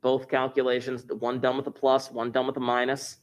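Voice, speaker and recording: A man's voice: medium pitch, monotone, fairly quick. A man teaching a math review lesson, chatty and jokey, thinking aloud as he works through problems. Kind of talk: recorded class review lesson.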